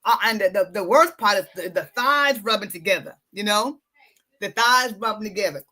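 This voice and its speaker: Bright-voiced woman coaching her listeners. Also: medium pitch, expressive, moderate pace. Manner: repetitive, emphatic, addresses listeners directly. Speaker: podcast host, wellness coach. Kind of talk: casual motivational talk.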